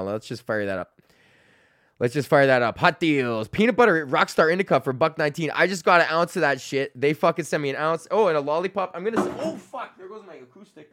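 A young man with a fairly bright voice on the high side hosts his own comedy podcast, recorded cleanly in a studio with no echo. He rants solo, swearing constantly and laughing often.

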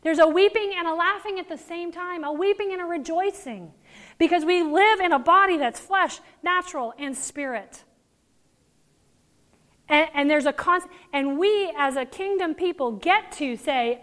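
Woman preacher, high bright voice, impassioned sermon with call-and-response. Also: measured pace. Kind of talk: sermon with prayer.

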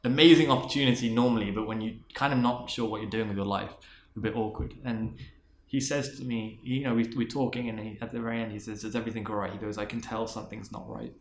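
Male interview guest, earnest storyteller, lower voice, echoey room. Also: fairly even intonation, fast talker, few pauses, a little hiss or hum. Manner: earnest, restarts and repeats words. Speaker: interview guest, marketing executive. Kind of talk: reflective storytelling in conversation.

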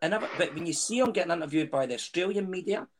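A Scottish guest on a football chat show, with a voice pitched a little higher than most men's. He lays out his points earnestly in a relaxed, conversational way. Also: fast talker, a loud crowd. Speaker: podcast guest.

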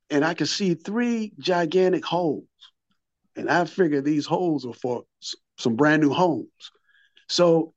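Animated man telling his story. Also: fairly high pitch, dry recording, muffled recording. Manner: vivid storyteller, repeats words and restarts, acts out quotes. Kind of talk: storytelling interview.

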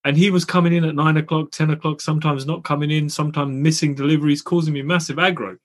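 Man, podcast co-host, lively storyteller, fairly high voice, swears casually. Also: fast talker. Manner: animated storyteller, swears freely.

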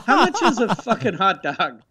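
A man's voice: sits high, wildly swooping pitch, moderate pace, gravelly, pushed and bright, slightly rough. A man co-hosting a podcast, chatting casually and swearing freely as he tells stories. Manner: profane, storytelling with quoted asides. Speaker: podcast co-host. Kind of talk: casual chat.

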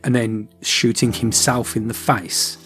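A man co-hosting a podcast, chatting casually and rambling, with quick switches as he acts out lines from a story. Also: medium pitch, level tone, a bit bright, soft background music. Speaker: podcast co-host. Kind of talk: casual chat.

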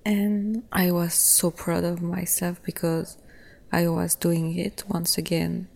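A young woman hosting a podcast, casually recounting a trip in a relaxed, chatty way, often laughing between phrases. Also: lowish voice, gravelly. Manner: loose, simple phrasing with frequent "like" and "yeah". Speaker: podcast host. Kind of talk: casual travel storytelling.

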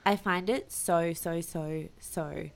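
Brief: female co-host, low-ish gravelly voice, animated casual storyteller. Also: slow. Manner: animated storytelling with many fillers. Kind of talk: casual chat.

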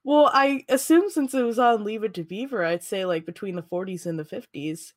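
A woman's voice: medium pitch, a little fast, no echo. A woman chatting casually as a podcast co-host, making sarcastic, jokey guesses and laughing often. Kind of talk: casual chat, guessing at quiz questions.

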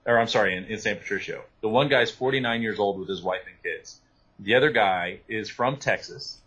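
A man, an author, talking through his research in an animated interview, with many restarts and asides. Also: fairly low pitch, fairly quick, slightly rough, poor audio. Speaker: author and guest. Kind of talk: interview conversation.

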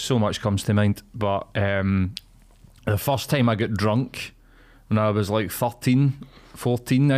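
Glaswegian male podcast co-host, foul-mouthed, laughs through his anecdotes, mid-pitched. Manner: sweary, laughing storyteller. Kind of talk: casual chat.

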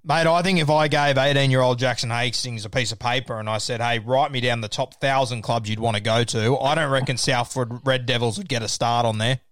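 An Australian man hosts a podcast in an easy, chatty way. His voice sits at a middle pitch, and the sound is close and dry with no room echo. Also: fairly even intonation, brisk, few pauses, a bit bright. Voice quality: chatty, leading questions. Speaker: podcast host. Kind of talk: casual interview.

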